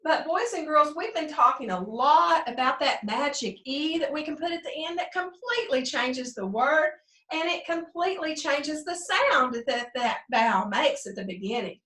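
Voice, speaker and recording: A woman teaching first grade phonics, prompting young pupils and slowly sounding out words in a sing-song way. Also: high-pitched, lively intonation, fairly bright tone. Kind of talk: remote phonics lesson for young children. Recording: echoey room, mic at a distance.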